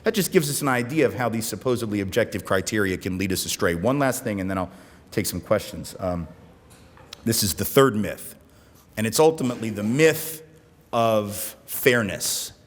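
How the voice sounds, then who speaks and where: Animated American man in an echoing hall. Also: fairly low pitch, moderate pace. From United States. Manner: animated, talks with his hands, keeps asking "right?". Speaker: keynote speaker. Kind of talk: conference keynote lecture. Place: conference hall in front of an audience. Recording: long reverb of a conference hall.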